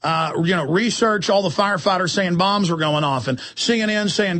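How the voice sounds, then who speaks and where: High-voiced ranting talk radio host. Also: male voice, moderate pace. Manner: forceful, ranting, acts out quoted exchanges.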